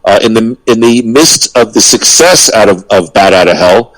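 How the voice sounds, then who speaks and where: A man's voice: lowish voice, expressive, moderate pace, a bit bright, poor audio. A man co-hosting a casual music podcast, talking with fillers and restarts and reading quotes aloud in a mock pompous voice. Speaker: podcast co-host.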